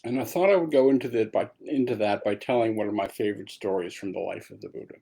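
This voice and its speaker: Low, husky man telling a dharma story. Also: fast talker, warm tone. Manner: casual storytelling with asides. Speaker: meditation teacher. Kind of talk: dharma talk told as a story.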